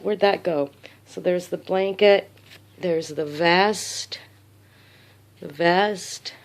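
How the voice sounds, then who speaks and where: A middle-aged woman and grandmother vlogging casually at home, talking to her viewers in an excited, emotional, chatty way. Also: on the low side. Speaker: crochet vlogger. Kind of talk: casual vlog chat while packing. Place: at home, indoors.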